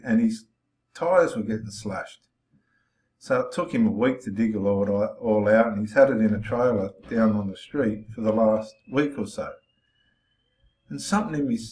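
A man's voice: medium pitch, darkish tone. A man preaching with passion to the camera, confronting and challenging his listeners directly. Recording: roomy echo.

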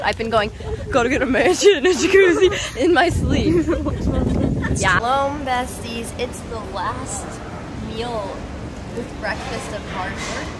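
Young woman, bubbly jokey vlogger, a bit high, noisy phone audio. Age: young adult. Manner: bubbly, jokey, self-mocking. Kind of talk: casual vlog.

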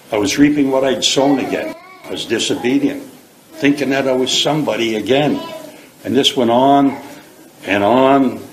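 A middle-aged man from Canada giving a plain-spoken, earnest personal testimony in a church hall. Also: medium pitch. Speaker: speaker giving his testimony. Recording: echoey hall, faint background hiss.

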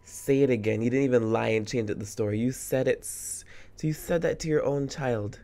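A man's voice: mid-range voice, a little fast, gravelly, dark tone. A man in his twenties giving let's play commentary, emphatic and indignant, often repeating words for effect. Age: 20s. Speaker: gamer.

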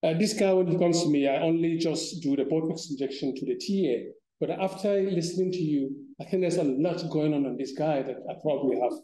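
Male surgeon giving an informal conference talk, slightly high, mellow, roomy hall sound. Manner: informal, chuckling asides, halting restarts. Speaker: ENT surgeon lecturing. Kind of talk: conference lecture with patient videos. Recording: echoey hall.

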